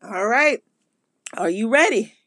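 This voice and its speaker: A woman's voice: on the high side, expressive, slow pace, no room sound, clean studio sound, pitched below the performer's own voice, full character voice. A woman doing a pushy, hyped-up radio DJ. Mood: announcing. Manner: loud, insistent, hypes the prize with bursts of shouting.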